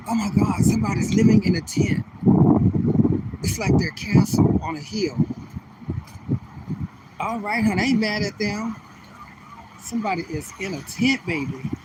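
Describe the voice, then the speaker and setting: A man vlogging while he walks outdoors, talking casually to his viewers in a sassy manner. He calls them honey and baby and draws out emphatic phrases. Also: high voice. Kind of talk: casual walking vlog talk to viewers. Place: outdoors on a street. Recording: distant mic, faint street noise.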